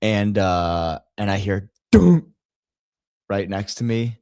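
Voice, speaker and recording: A man's voice: lowish voice, fairly even intonation, measured pace, a little mellow, clear, resonant tone, no room sound, clean studio sound. A man hosting a podcast, telling crude stories in casual chat and laughing at his own jokes. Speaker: podcast host.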